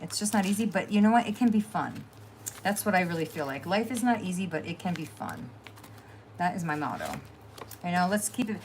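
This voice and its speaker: A woman's voice: on the low side, slight background noise. Chatty middle-aged woman crafting live. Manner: rambling and chatty, trailing off with fillers. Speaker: crafting livestream host. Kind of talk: casual chat to live viewers.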